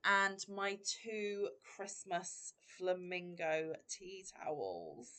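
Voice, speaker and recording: Woman, vlogger; effusive and exclamatory, slightly low pitch. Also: expressive, takes it slowly, hardly any pauses, bright, forceful tone. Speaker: crochet vlogger. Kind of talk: unboxing vlog.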